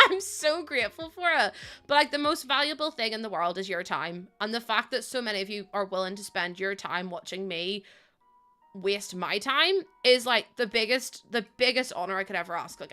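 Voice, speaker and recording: A woman's voice: medium pitch, expressive, moderate pace, sharp tone. A young woman streaming a game from home, chatting casually with viewers, laughing often and thanking them one by one. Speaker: live streamer. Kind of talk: casual chat with viewers while gaming. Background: faint background music.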